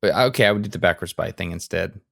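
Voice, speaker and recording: A man's voice: low-pitched, steady tone, fast, vocal fry, a bit bright, no echo, studio quality. A man with a Southern US accent co-hosting a podcast, talking in an earnest, self-deprecating way and laughing easily. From Alabama, US. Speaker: podcast co-host. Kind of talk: casual conversation.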